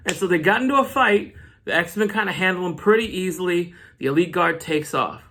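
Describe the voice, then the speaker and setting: A man's voice: high-pitched, expressive, fairly quick, sharp tone, a little hiss or hum. A man recapping a comic book issue in a casual vlog, with joking, slangy asides.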